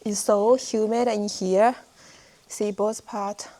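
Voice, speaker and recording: A woman's voice: mid-range voice, little pitch movement, takes it slowly, warm tone. A young woman vlogging casually as she hikes through a narrow, humid cliff crack, chatting to viewers as she walks. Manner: chatty, talks to viewers while walking. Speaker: hiking vlogger. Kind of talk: casual vlog narration while hiking.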